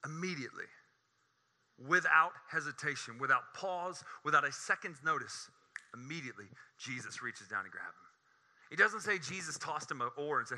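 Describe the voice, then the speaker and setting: A man preaching a sermon in an animated, joking way, his voice climbing high when he gets excited. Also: normal speed.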